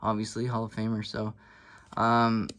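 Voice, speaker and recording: A man's voice: on the low side, normal speed. Man, thirties, easygoing card-collecting vlogger, rambling and self-deprecating delivery. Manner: relaxed and rambling, with many fillers and restarts. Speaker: sports card collector and channel host. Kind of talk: casual storytelling vlog.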